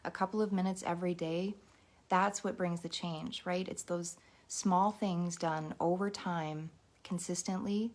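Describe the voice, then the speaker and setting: In an unhurried, steady, lowish voice, a woman addresses her viewers head-on during a live mindfulness session. She guides the meditation gently and encouragingly.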